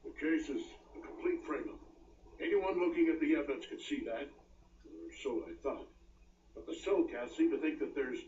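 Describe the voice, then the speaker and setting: A man's voice: fairly high pitch, normal speed, a little mellow, natural voice. An actor playing an accused male war hero in a video game, speaking earnestly as he protests his innocence. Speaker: game character. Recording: echoey, distant, dull game audio with clear noise.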